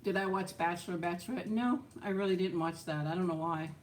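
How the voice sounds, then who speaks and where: Chatty woman streaming live, lower voice. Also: fast talker, a little hiss or hum. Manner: chatty, laughs often, trails off with "so". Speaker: livestream host. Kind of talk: casual live chat reading viewer comments.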